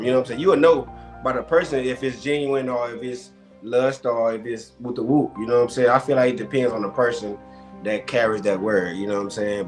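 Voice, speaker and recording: Emphatic rambling man debating. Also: mid-range voice. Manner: emphatic, rambling, repeats himself. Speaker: debate contestant. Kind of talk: casual debate.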